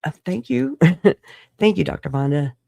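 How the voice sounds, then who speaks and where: A woman's voice: lowish voice, sing-song, a little slow, creaky, mellow, no echo, clean studio sound. A woman hosting a casual solo livestream, rambling through stories, swearing and laughing often. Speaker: livestream host.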